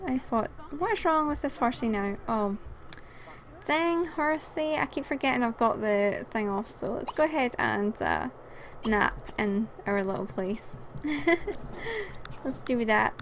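A woman's voice: fairly high pitch, expressive, measured pace, a little hiss or hum. A woman hosting a casual let's play, chatting and giggling as she talks to the game characters, sounding tired. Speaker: gaming channel host.

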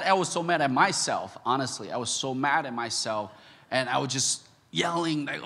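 Animated pastor man telling a story. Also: mid-range voice, fairly quick, slightly rough, long reverb tail. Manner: animated, laughing, swings between shouting and hushed. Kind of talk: storytelling sermon. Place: large church hall.

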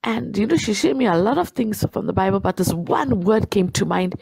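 A woman's voice: mid-range voice, expressive, a little fast, gravelly, a little mellow, husky, dry recording, poor audio. A woman telling her personal faith testimony in an earnest way, repeating herself for emphasis. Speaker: guest sharing a testimony.

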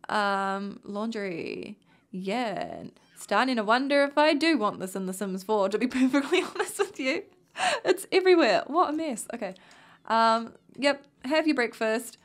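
A young woman with a New Zealand accent, tired and yawning, chatting casually as she plays a life-sim game and talks to her characters. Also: fairly high pitch. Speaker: gaming youtuber. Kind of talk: casual gameplay commentary.

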